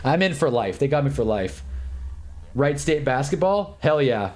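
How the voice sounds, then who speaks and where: Rambling young livestream host. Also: male voice, mid-range voice, sing-song, darkish tone, soft background music. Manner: rambling, candid, swears and repeats himself; puts on quick voices for quoted people. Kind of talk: casual chat during a sports watch-along.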